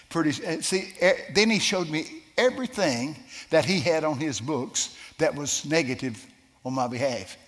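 A man preaching a sermon, telling a personal story in a folksy, animated way with some stammering. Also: medium pitch. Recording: long reverb of a large hall.

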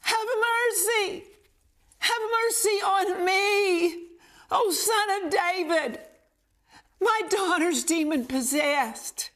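A woman's voice: fairly even intonation, a bit bright, heavily acted. Woman acting out a desperate, wailing mother. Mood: pleading. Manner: wailing, repeating pleas, slow and high. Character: desperate pleading mother crying for help.

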